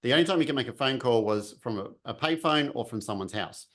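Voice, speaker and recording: A man tells his own story in a relaxed, chatty way. His voice sits at an ordinary middle pitch. He acts out quotes and sounds as he goes. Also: fast. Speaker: vlogger telling a personal story. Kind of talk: casual storytelling.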